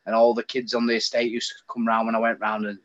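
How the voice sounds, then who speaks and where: A man's voice: medium pitch, monotone, quick pace, a bit bright. A middle-aged man, a talkative guest telling stories in a casual live stream chat. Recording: slightly dull lo-fi call audio.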